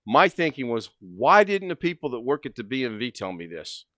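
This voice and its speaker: A man hosting a livestream, telling a long story in a casual, animated way and acting out both sides of the conversation. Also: medium pitch, normal speed, no room sound. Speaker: livestream host.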